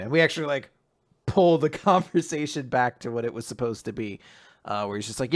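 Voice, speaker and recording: Animated man retelling comics, dry sound. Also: medium pitch, fairly quick, dry recording. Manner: animated retelling, acting out character lines, frequent laughs. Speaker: podcast co-host recapping manga. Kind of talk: casual chat.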